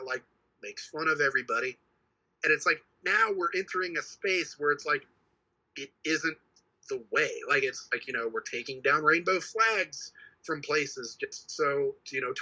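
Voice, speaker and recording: A man with a very bright, edgy voice and a husky grain, talking fast and heatedly as a podcast co-host. He swears freely and circles back over his points, his pitch sitting a little high. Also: poor audio. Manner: heated, swears often, repeats himself. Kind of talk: casual chat.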